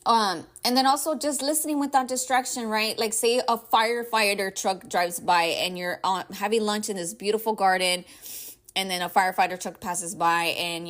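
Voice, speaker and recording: This podcast host's voice sits in the mid range with a fairly bright tone. She gives casual advice in a rambling, heartfelt manner, leaning on "like," "right?" and "y'all," and her emotions bring her near tears now and then.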